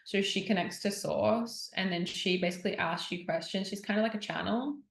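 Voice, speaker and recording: A woman's voice: medium pitch, fairly quick, gravelly. Chatty woman guest in an echoey room. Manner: chatty, heavy use of "like", retells others' words. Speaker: podcast guest. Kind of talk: casual interview chat.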